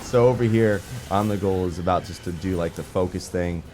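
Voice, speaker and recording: A young man giving casual, rambling commentary over his gameplay footage, full of fillers and excited asides. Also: deep voice, brisk, faint music behind. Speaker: gaming video creator.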